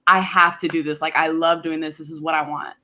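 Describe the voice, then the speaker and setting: A woman's voice: low voice, level tone, brisk, pushed and bright. A woman hosting a casual interview, asking questions in a friendly, encouraging way. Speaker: interview host.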